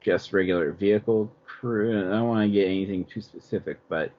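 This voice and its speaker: A man with a very low voice asks his questions hesitantly, full of fillers. He is a fan outlet guest, and the video call audio sounds dull and lo-fi. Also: fairly quick. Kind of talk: casual roundtable Q&A.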